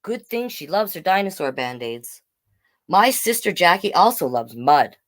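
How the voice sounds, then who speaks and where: A woman reading picture books aloud to children, with chatty, animated asides to the viewers. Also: lowish voice, a little slow. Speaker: storytime reader.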